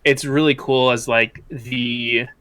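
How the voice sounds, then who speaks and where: A man's voice: mid-range voice, fairly even intonation, takes it slowly, over music. A man acting as game master who narrates a tabletop game in a loose way, full of fillers. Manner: descriptive, filler-heavy narration with many "like"s.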